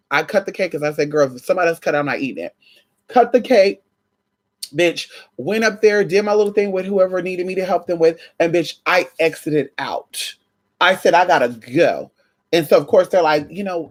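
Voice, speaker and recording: A woman chatting casually to camera about spiritual energy. She swears freely and acts out conversations with sudden high jumps in pitch. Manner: animated, profane, acts out quoted exchanges with big pitch jumps. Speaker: spiritual vlogger.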